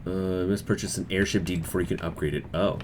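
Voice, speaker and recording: A man's voice: sits low, steady tone, fast talker, slight background noise. A man casually commenting and joking as he plays a video game, in an offhand, rambling way. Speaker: gaming channel host. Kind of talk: casual let's-play commentary.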